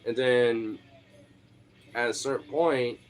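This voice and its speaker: A young man tells a story from his own life in loose, rambling chat. His delivery is laid-back and heavy with swearing, and it flares up now and then into exasperation. His pitch sits in the middle range for a man. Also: steady tone, slow pace. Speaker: host telling a personal story. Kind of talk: casual storytelling monologue.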